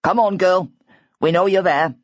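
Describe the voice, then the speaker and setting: A woman voicing a gruff, thick-necked man with a gravelly voice in an audiobook, speaking with blunt authority. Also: sits high, normal speed, dry recording, natural voice. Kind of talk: audiobook character voice. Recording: dull, lo-fi audiobook recording.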